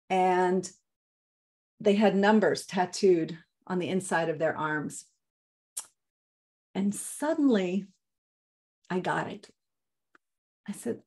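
A woman in her fifties teaches a seminar and drifts into a personal story along the way. Her voice sits at a middle pitch. She sounds eager and warm about her material, and her speech is full of ums and restarts. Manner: enthusiastic storyteller, frequent ums. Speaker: Jewish educator.

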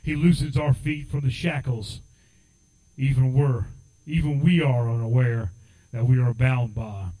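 A man preaching with a mellow, warm tone, moving easily between plain storytelling and fervent exhortation. His pitch sits in the middle for a man. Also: low-quality recording. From United States. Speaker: assistant pastor. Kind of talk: sermon.

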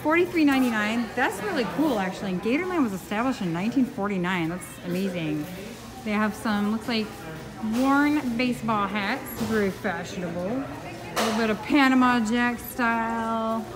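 A travel vlogger films a casual walk-through outdoors at a theme park, chatty and bubbly, cooing at the animals she passes. Her voice is a little high and moves at normal speed.

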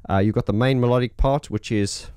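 A man's early morning voice, mid-range and steady in tone, runs a little fast as he casually walks through his keyboard setup. He's enthusiastic and rambling, leaning on many fillers.

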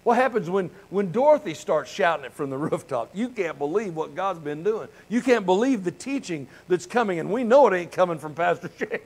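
A man's voice: high voice, expressive, a little fast, few pauses, darkish tone, low-quality recording. A man in his sixties, a pastor praying fervently and then preaching in a folksy, candid way in a church. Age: 60s. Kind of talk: prayer and casual sermon. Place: church sanctuary.

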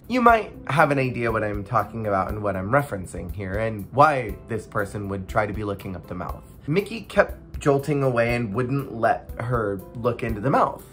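A former theme park cast member telling stories in a casual vlog, wry and blunt and reflective, animated when acting out other people. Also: medium pitch. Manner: animated, acts out quoted people.

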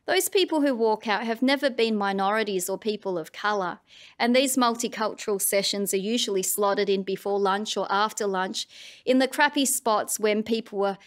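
A woman's voice: medium pitch, moderate pace. A woman with an Australian accent, giving an annual address on writing in a wry, conversational and pointed way. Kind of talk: public address.

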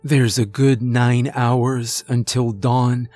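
A man's voice: mid-range voice, flat delivery, slow, a little mellow, no echo, faint music behind. A man doing a frightened young woman. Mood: tense.

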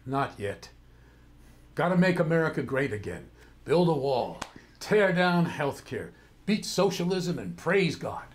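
A man's voice: a little high, expressive, normal speed, a little hiss or hum. A man playing a weary, cynical older senator and father, grumbling with sardonic exasperation in a stage play. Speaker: actor in a play.

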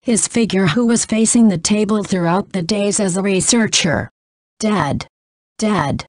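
A woman narrating a novel in a flat reading that says punctuation aloud. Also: mid-range voice, normal speed, dry recording, clean studio sound.

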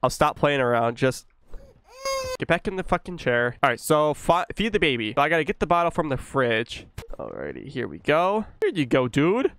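A man's voice: a little high, sing-song, normal speed, a bit bright, smooth. A young man giving casual, profane let's-play commentary, joking and scolding the game baby. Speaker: gaming YouTuber.

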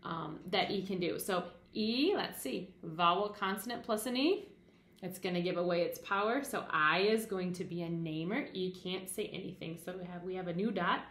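A woman's voice: fairly low pitch, normal speed, fairly bright tone. Sing-song woman teaching kindergarten phonics. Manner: sing-song teacher voice, asks and answers questions. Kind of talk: phonics lesson for young children. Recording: roomy echo.

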